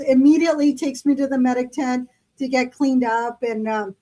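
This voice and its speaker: A woman chats casually as a podcast co-host, spinning long stories full of fillers. Her voice sits high. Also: steady tone, moderate pace, mellow, a little hiss or hum, poor audio. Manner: chatty storyteller, lots of fillers. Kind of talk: casual chat.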